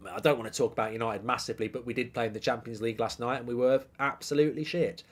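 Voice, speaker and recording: A man's voice: mid-range voice, steady tone, very fast. A man hosting a live football watchalong, chatting to the stream, reading out viewers' comments and scores in a brash, jokey way, swearing now and then.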